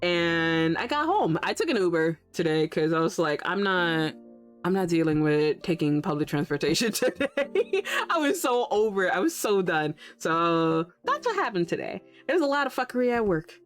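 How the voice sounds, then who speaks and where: A woman's voice: fairly low pitch, sing-song, moderate pace. A young woman streamer ranting in casual stream chat. She swears constantly, laughs often, and acts out her own exasperated reactions. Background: faint background music.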